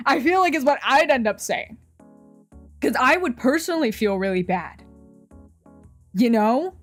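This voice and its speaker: A woman's voice: high voice, expressive, measured pace, long pauses, soft background music. Rambling, swearing young woman streamer. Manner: rambling, profane, laughs at her own jokes. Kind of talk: casual streaming chat.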